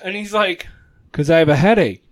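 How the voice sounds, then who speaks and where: A man in his thirties on a podcast, telling school stories casually, laughing loudly and acting out the voices. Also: high-pitched, brisk, no room sound. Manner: animated storyteller who acts out quotes and laughs loudly. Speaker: podcast co-host. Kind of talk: casual chat, storytelling.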